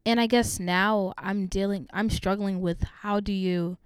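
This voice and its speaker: Young woman college student, frank and open, smooth clear voice, dry close sound. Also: mid-range voice, steady tone, no echo. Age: young adult. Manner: open and frank, swears freely, fast asides. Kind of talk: candid personal conversation.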